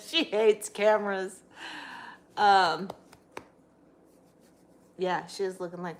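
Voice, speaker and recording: A woman's voice: expressive, measured pace, long pauses. Middle-aged woman, casual vlogger at home, chatty, with faint background noise. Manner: chatty, talks to her pets in a high sing-song voice. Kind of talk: casual livestream chat. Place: home, indoors.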